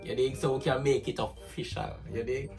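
A man's voice: medium pitch, steady tone, a little fast, gravelly. A man with a Jamaican accent hosting a casual vlog, slangy and loose, tossing "bro" and "you dig" into every line while he chats to strangers on a video app. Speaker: YouTube host. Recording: distant mic with loud music behind.

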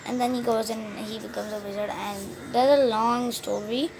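A woman's voice: a little high, steady tone, normal speed, noisy background. A woman hosting a casual gaming channel, rambling through a game session and a cartoon plot, with many restarts. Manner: rambling, many restarts, loses track of the story. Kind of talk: casual gaming commentary and story retelling.

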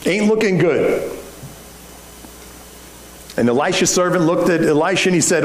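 A man's voice: a little high, lively intonation, measured pace, long pauses. A male pastor preaching a sermon in a conversational style, full of rhetorical questions. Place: church sanctuary. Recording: echoey room, faint background hum.

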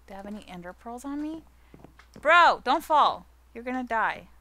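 Bubbly young woman with a bright, lively voice. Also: moderate pace. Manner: bubbly and playful, coos at her pet in a high baby-talk voice. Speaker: gaming channel host. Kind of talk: casual gameplay commentary.

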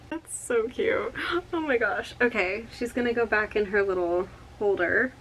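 A woman in her early twenties chatting through an excited unboxing vlog, gushing with many exclamations. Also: medium pitch, measured pace, slight background noise. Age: 20s. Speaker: vlogger. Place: home room with outdoor yard noise.

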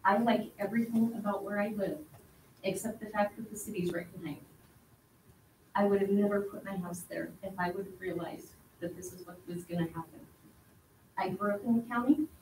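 A woman's voice: medium pitch, fairly even intonation, moderate pace, darkish tone, a little hiss or hum. A middle-aged woman speaking at a public hearing, emotional and pleading, her voice rising as she gets upset. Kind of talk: public comment at a council meeting. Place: council chamber. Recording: echoey hall, mic from a distance.

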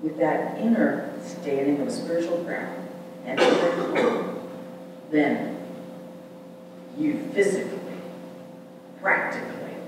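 A man preaching a lively sermon as pastor, often asking the congregation whether they hear him. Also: a little high, takes it slowly, long pauses, noisy background. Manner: animated, call-and-response preaching. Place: large church sanctuary. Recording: echoey hall from far off.

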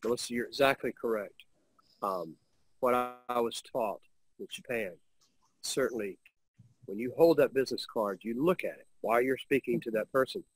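A man's voice: medium pitch, normal speed, breathy edge, no room sound, poor audio. A man on a webinar panel, speaking earnestly about a custom he learned abroad.

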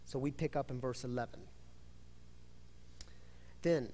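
A male pastor preaching a sermon, telling the story in an animated way and acting out voices. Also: a little high. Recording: reverberant hall.

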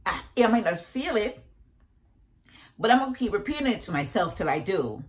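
A woman in her fifties with a deep voice, giving a preachy, animated motivational talk grounded in faith and repeating affirmations. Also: normal speed, poor audio. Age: 50s. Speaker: motivational vlogger.

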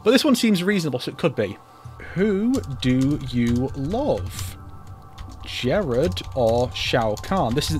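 A man hosting a YouTube video, giving comedic commentary with wry, sarcastic asides. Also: fairly high pitch. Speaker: YouTuber host.

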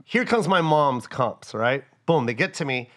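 A man's voice: mid-range voice, a little slow. A male comedian guest telling stories in casual podcast chat, acting out exasperated voices with lots of swearing. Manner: animated storytelling, acts out exasperated voices with profanity.

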